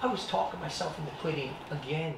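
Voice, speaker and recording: A high-pitched man tells his life story to students with dramatic, animated delivery. The sound is roomy and echoey, captured from a distant mic with faint background hiss. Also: quick pace, creaky. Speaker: actor and martial artist giving a presentation.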